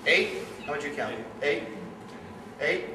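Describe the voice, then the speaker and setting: A middle-aged man speaks to parents as their coach, telling animated stories and putting questions to the room. His voice sits slightly high. It is picked up from afar, with room echo and steady background noise. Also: slow. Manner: animated storytelling, addresses the audience directly. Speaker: youth sports coach. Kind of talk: seminar talk to parents. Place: room with an audience. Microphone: distant room mic. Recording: echoey room, distant mic, background noise.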